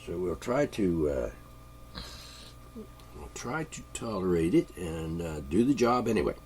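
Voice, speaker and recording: A man's voice: sits low, very animated, a little slow, a little mellow, slight background noise. A man with congested sinuses, delivering a sarcastic, rambling political monologue from his studio. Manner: sarcastic, mocking, chuckling. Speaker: podcast host. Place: home studio.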